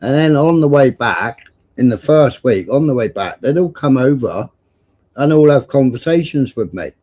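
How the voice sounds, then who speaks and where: A man's voice: mid-range voice, lively intonation, normal speed, warm tone. A man hosting a livestream, telling rambling, profane stories and repeating himself often. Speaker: livestream host. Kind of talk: casual chat and storytelling.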